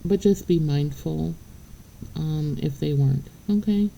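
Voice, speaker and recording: A woman reads tarot for her viewers in a chatty, blunt way, swearing freely and checking in with "okay?" after her points. Her voice is heavily gravelly with fry, and its tone is very dark and mellow. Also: low-pitched, unhurried, a little hiss or hum, poor audio. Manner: chatty, laughs between points. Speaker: tarot reader. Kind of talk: casual spiritual reading to the viewer.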